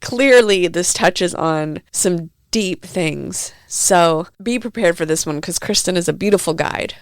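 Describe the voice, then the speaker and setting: Middle-aged woman host, kinda teary, heartfelt, low-ish gravelly voice, dry sound. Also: measured pace, no room sound. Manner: emotional, heartfelt, soft-spoken. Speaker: podcast host. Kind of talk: reflective podcast recap.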